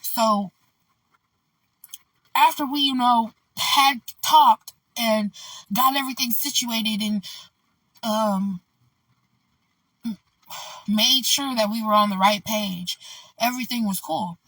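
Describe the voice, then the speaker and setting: A woman's voice: on the high side, slow, long pauses, fairly bright tone, dry recording, distant mic, low-quality recording. A woman vlogger telling a casual story in a loose, candid ramble, full of "like" and "you know".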